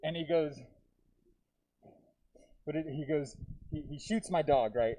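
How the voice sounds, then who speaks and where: Stand-up comic, male, slightly high voice, dark deadpan delivery with wry asides, muffled by a deer mask. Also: unhurried. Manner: dark deadpan jokes with self-aware asides to the crowd. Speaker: stand-up comedian. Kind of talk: live stand-up set. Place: comedy theater stage. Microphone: talking through a deer mask.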